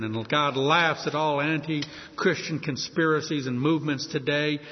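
A man's voice: on the high side, slightly rough. A man preaching a sermon, reading scripture aloud and explaining it verse by verse. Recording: echoey hall, dull lo-fi sound.

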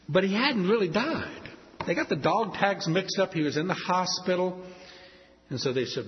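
An older man preaching a sermon, telling stories and acting out voices with sudden high leaps. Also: normal speed. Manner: animated, acts out quoted voices with big pitch leaps. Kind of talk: sermon storytelling. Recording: dull sound with long hall reverb.

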